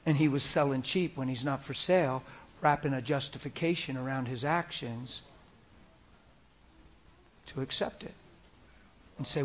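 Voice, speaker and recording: A man preaching a sermon in an animated way, moving between loud acted quotes and hushed, whispered asides. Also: mid-range voice, measured pace, pauses often, a little hiss or hum.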